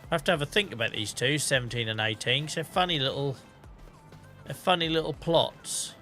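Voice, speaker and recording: A man's voice: medium pitch, brisk, bright, forceful tone, faint music behind. A tired man with a headache, casually chatting to his live-stream viewers while playing, thinking aloud and swearing now and then. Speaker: game streamer.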